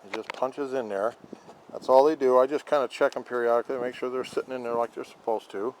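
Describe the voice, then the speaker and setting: A man filming a casual how-to vlog about his scooter, rambling and halting with lots of fillers. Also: medium pitch, steady tone, slight background noise, poor audio. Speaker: vlogger showing a scooter horn install.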